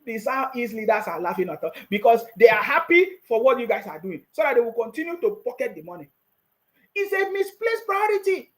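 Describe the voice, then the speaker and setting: A man with a Nigerian accent giving scolding, mocking political commentary on his YouTube channel, laughing often. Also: very high-pitched.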